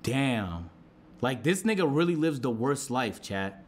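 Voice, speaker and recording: A young man streaming live, telling a story to his chat in a profane, excitable way and acting out shouted quotes. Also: medium pitch, moderate pace.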